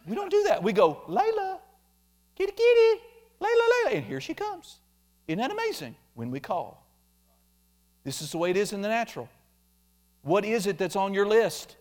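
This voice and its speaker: A man preaching a sermon, animated, acting out quoted complaints in mocking voices. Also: high voice, normal speed, long pauses. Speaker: pastor.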